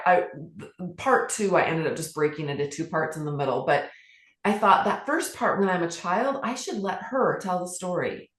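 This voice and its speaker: A middle-aged woman and author, telling personal stories as a podcast guest in an earnest, heartfelt way, often restarting her sentences. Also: mid-range voice. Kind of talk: candid personal storytelling. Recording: roomy echo.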